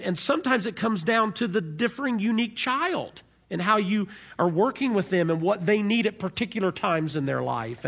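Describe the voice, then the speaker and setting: A man preaching a sermon as pastor, animated, swinging from soft to loud. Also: high voice, creaky, slightly rough.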